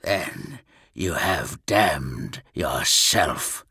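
A skeletal ghost of a warrior, put on by a male audiobook narrator, speaking low and slow in a grim hissing rasp. His stern voice sits far below the narrator's own and drags each word out in a dry, close recording. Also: expressive, bright, forceful tone, no echo, full character voice. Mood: grim urging.

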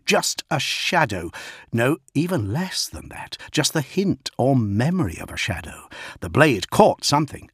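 A man narrating an audiobook in a low, steady, grave voice. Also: breathy edge, no room sound, clean studio sound. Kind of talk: dramatic scripted narration.

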